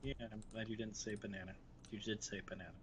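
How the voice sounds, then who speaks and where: A man's voice: fairly low pitch, little pitch movement, fast, background noise. A man chatting casually and jokingly while live-streaming a game. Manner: playful, jokey, slips into silly voices.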